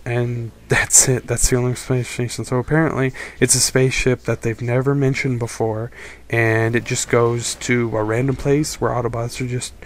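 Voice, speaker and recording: A man's voice: medium pitch, little pitch movement, normal speed. A young adult man giving a casual, critical film review, rambling and exasperated. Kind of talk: casual opinion monologue.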